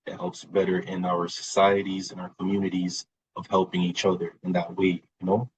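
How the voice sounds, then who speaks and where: A man with a husky, slightly low voice talks reflectively as a podcast guest. He repeats phrases to drive a point home. Now and then he mimics other people's reactions. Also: monotone, normal speed, rough recording. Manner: reflective, repeats words, acts out quoted voices with laughs. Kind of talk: casual conversational talk.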